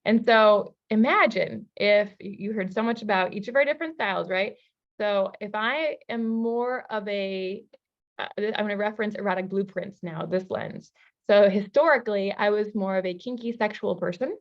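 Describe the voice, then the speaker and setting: A woman relationship coach teaching a masterclass, telling personal stories in a lively, casual way. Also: medium pitch, moderate pace, muffled recording. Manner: lively storytelling, casual fillers.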